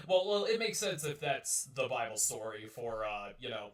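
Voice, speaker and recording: A man hosts a casual live-streamed talk show, rambling and swearing while he repeats and restarts his words. His medium-pitched voice is sing-song at a moderate pace, recorded with a roomy sound from a distant mic.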